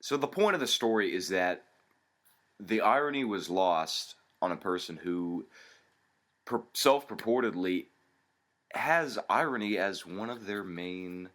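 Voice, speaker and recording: A man co-hosting a comedy talk show, telling an anecdote in a dry, halting way with many ums. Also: fairly low pitch, lively intonation, fairly bright tone. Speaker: podcast co-host. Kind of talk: storytelling comedy chat.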